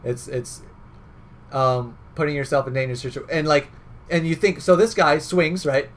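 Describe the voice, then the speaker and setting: A man's voice: on the high side, fairly even intonation, moderate pace. A young man giving casual game coaching, chatty and loose, often tagging on "right?" and fillers. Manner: conversational, filler-heavy, repeats "right?".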